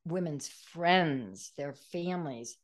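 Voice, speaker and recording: A woman's voice: deep voice, slow pace. An older woman, a book author, earnestly telling an emotional personal story in a podcast interview. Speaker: guest author.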